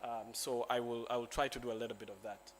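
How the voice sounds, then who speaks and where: A Ugandan man, a lawyer, giving a joking, relaxed talk at a conference. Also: medium pitch, quick pace, background noise. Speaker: lawyer and speaker. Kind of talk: symposium presentation. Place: conference hall.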